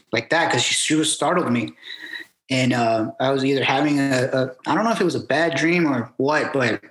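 A man in his thirties, a military veteran guest, telling his story with halting restarts and acted-out quotes. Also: mid-range voice, fairly bright tone, roomy sound, rough recording. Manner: halting, repeats words, acts out quoted exchanges. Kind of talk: candid personal storytelling.

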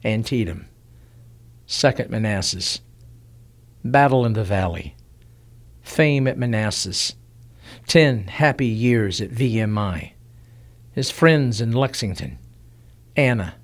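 Male storyteller, mid pitch, solemn and measured, unhurried pauses. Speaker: narrator. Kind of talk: historical storytelling narration.

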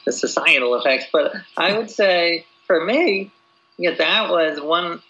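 Guy getting interviewed, gravelly and kinda sharp, keeps saying you know, dull lo-fi sound. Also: on the high side, expressive, measured pace. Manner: hesitant, many "you know" fillers and restarts. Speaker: author, interview guest. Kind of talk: casual interview answers. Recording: dull lo-fi audio.

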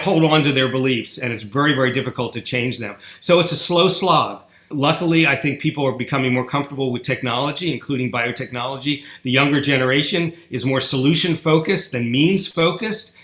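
A man giving an interview, making a forceful, opinionated argument. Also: medium pitch, echoey room. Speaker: interview guest. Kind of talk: podcast interview.

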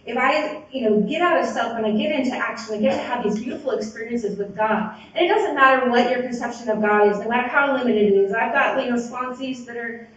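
A woman tells her recovery story in a loose, rambling way, with "like" and "you know" filling her sentences. Her voice sits a little high. She sounds far from the mic, and a heavy room echo and a dull, muffled tone surround her. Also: fairly quick, few pauses, fairly bright tone. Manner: casual, rambling, many "like" and "you know" fillers. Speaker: speaker sharing at a recovery meeting, a sponsor. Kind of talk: personal recovery testimony.

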